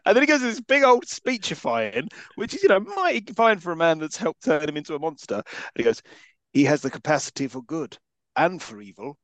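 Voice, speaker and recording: A man's voice: a little high, big pitch swings, brisk, a bit bright, no room sound. A man co-hosting a podcast, making wry, sarcastic jokes about a film. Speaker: podcast co-host. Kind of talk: casual film review chat.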